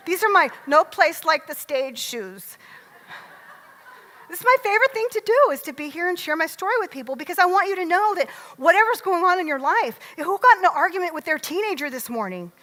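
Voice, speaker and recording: A middle-aged woman giving a motivational stage talk, lively and joking, often asking the audience questions. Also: extremely high pitch, brisk. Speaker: motivational speaker. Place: large event hall. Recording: long hall reverb.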